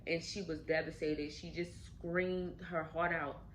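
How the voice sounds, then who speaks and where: A woman's voice: deep voice, unhurried, slight background noise, rough recording. A woman host casually telling a story while eating, talking directly to her viewers. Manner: animated, addresses viewers directly. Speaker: channel host.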